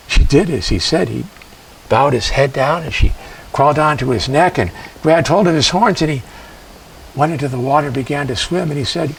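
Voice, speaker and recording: A man telling a traditional legend in a measured, expressive way with dramatic pauses. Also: on the high side, vocal fry, recorded from a distance, slight background noise, low-quality recording. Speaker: storyteller. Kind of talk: traditional storytelling performance.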